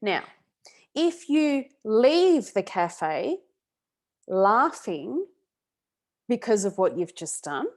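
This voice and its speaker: A woman talks casually to a webinar audience about emotional healing. She speaks in a chatty, animated way at a middle pitch and keeps checking in with "yeah?" and "okay?". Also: extremely slow, long pauses.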